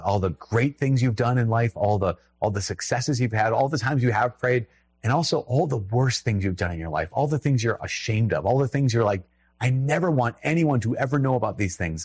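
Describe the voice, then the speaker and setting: A man's voice: on the low side, a little mellow, husky, no room sound. A man with a Minnesotan accent giving a conversational, emphatic sermon, breaking off into restarts and little laughs.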